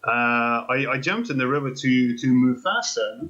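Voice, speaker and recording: A man's voice: mid-range voice, animated, moderate pace, bright, forceful tone. Hesitant man roleplaying, lo-fi audio. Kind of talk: in-character tabletop roleplay. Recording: dull lo-fi audio.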